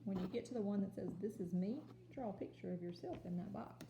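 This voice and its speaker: A woman teaching a kindergarten home lesson on video, sounding out letters and words slowly and patiently. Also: medium pitch, reverberant, noisy background. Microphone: phone or camera.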